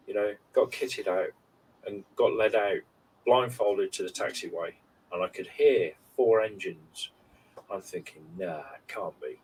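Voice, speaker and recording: A man's voice: on the low side, unhurried. Rambling man in his forties. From United Kingdom. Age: 40s. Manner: rambling, heartfelt storytelling with many fillers. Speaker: podcast co-host. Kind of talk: casual chat. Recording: slightly distant mic with faint background noise.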